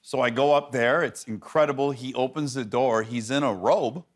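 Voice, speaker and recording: A man who is a talk show guest, telling comedic stories in an animated way and laughing often. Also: medium pitch, moderate pace. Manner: animated, laughing, jumps into quoted voices. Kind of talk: comedic storytelling.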